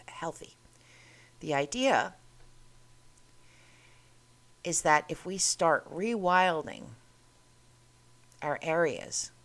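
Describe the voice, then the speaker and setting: A woman hosting a casual talk show, chatty and rambling as she goes through curiosities on her screen. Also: sits low. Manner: chatty, rambling, self-interrupting. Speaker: host.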